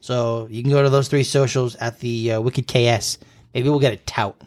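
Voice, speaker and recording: A man's voice: medium pitch, fairly even intonation, normal speed, darkish tone. A man in his thirties co-hosting a casual podcast from home, telling rambling stories and chuckling often. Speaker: podcast co-host. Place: home room.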